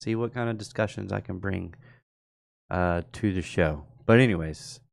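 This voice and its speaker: A man's voice: deep voice, normal speed, gravelly, no room sound, clean studio sound. A young man hosting a live stream, chatting casually and rambling, laughing often as he talks. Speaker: host.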